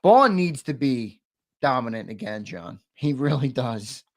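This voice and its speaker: A man hosting a sports talk show, reading out viewer comments and keeping the segments moving along briskly. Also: mid-range voice, animated. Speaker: host reading viewer chats.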